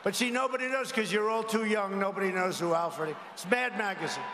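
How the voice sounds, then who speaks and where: A man's voice: high voice, a little fast, background noise. A man giving a rambling campaign rally speech from a podium, with mocking asides to the crowd. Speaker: political rally speaker. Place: large indoor arena rally. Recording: echoey arena hall with faint ambience.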